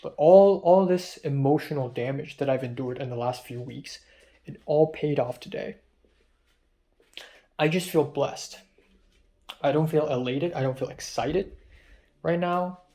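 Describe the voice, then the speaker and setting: Young man, vlog storyteller, gravelly, slightly high, rambling and tired. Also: unhurried, pauses often, warm tone. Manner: rambling, full of ums and quoted dialogue. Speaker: vlogger. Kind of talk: personal diary-style storytelling.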